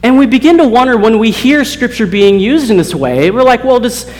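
Male campus preacher, high voice, earnest sermon, long hall reverb. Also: expressive, a little fast, a little mellow. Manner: earnest, many repeated starts, acts out quoted voices. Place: college hall.

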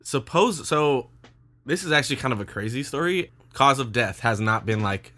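A man hosting a casual podcast, joking and rambling in a loose, quick way. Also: mid-range voice, lively intonation, sharp tone. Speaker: podcast host.

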